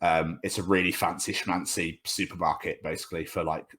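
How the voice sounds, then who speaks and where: A man's voice: deep voice, flat delivery, a little fast, fairly bright tone. A man in his thirties with a British accent, telling school stories as a podcast guest, laughing often and swearing freely. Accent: British English. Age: 30s. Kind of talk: casual podcast chat.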